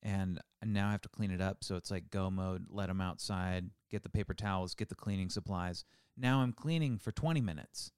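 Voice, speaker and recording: A man in his thirties with a lowish, smooth voice rambles through a personal story in a casual chat. He talks loosely, with ums and restarts. The sound is close and dry. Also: brisk, hardly any pauses, darkish tone, dry recording.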